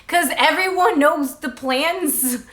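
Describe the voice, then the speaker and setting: Bright, lively giggly woman co-host. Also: high voice, slow pace. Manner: giggly, jokey, reads aloud with sarcastic asides. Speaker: podcast co-host. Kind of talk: casual read-along chat. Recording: echoey room with faint noise.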